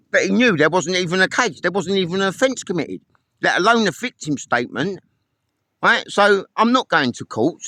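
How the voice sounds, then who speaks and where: Pushed and bright, his voice sits high in a dry recording. He's a homeless vlogger angrily venting to the camera, cursing frequently and going over the same points as he recounts his phone calls.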